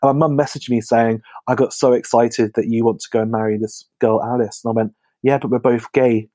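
An English man with a slight lisp, a comedian chatting casually as a podcast guest and telling animated stories. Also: mid-range voice, a little fast, dry recording. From England.

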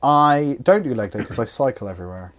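A man's voice: medium pitch, expressive, fairly quick, a crowd in the background. A man co-hosting a podcast, telling rambling stories in casual chat. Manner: rambling anecdotal storyteller. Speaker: podcast co-host.

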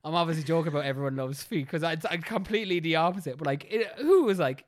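An Irish woman co-hosting a podcast, chatting casually and teasing with mock sales pitches. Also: animated, fast talker, few pauses. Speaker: podcast co-host. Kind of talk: casual chat.

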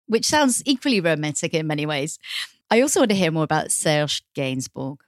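A woman's voice: deep voice, big pitch swings, a little fast, no echo, studio quality. A woman interviewer prompting her guest with short follow-up remarks.

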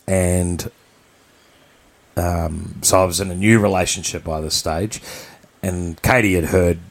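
A New Zealand man co-hosts a podcast, telling a personal story in a candid, blunt, rambling way. His voice is low-pitched and creaky, with a steady tone and a measured pace.

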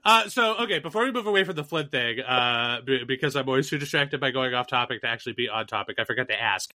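Jokey podcast guy w/ a tense bright voice, dry close mic, laughs a lot. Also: mid-range voice, expressive, fast, dry recording. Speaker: podcast co-host. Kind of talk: casual comedic chat.

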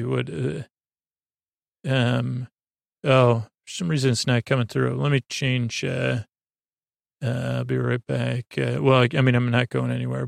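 A man's voice: medium pitch, creaky, dry recording, clean studio sound. A man hosting a sleep podcast, casually recapping a show in a rambling, hesitant way with many fillers, sometimes getting choked up.

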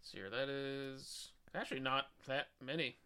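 A man's voice: mid-range voice, normal speed, bright, forceful tone, clean tone. A man co-hosting a podcast in casual chat, joking and stumbling over his words. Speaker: podcast co-host.

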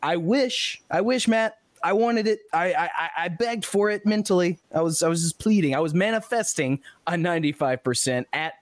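A man hosting a podcast, casually reading listener comments aloud with animated asides and frequent laughs. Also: on the high side, normal speed, few pauses, no room sound. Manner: animated, laughs often, restarts sentences. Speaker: podcast host.

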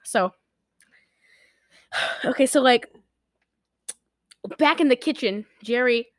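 A young woman tells a film's plot in a loose, rambling way, jumping back and forth and acting out the lines. Her voice sits a little high. The sound is dry and close, with no room around it. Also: takes it slowly, dry recording. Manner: rambling, animated retelling with acted-out quotes. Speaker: podcast co-host recapping a film. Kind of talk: casual chat.

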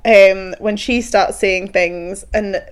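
A woman's voice: mid-range voice, steady tone, takes it slowly, clean tone. Young woman, podcast co-host; mid-range voice, casual step-by-step plot recap. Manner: narrates plot step by step, playful. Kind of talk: casual chat.

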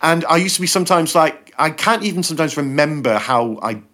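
A man, a comedian and actor, chatting as a podcast guest and acting out the quotes in his stories. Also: brisk. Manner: animated, acts out quotes with shifting pitch. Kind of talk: casual podcast chat, storytelling.

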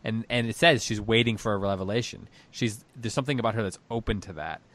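Man, lowish voice, podcast co-host, book discussion, reflective, thinking aloud, reads passages. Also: quick pace, a bit bright.

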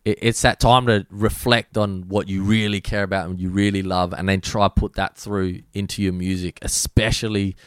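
An Australian man speaking as a guest DJ in a casual podcast interview, relaxed and slangy, swearing freely. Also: low voice, moderate pace, hardly any pauses, clear, resonant tone, no room sound, clean studio sound. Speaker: guest DJ and producer.

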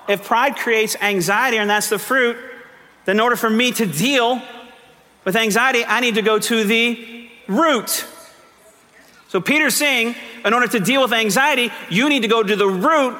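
A man preaching a sermon as pastor, moving from quiet teaching to fervent, almost shouted appeals. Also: sits high, big-room sound.

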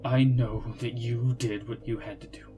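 A man game master voicing a grieving fanged young woman who speaks haltingly and stammers. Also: mid-range voice, level tone, over music, natural voice. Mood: grief-stricken.

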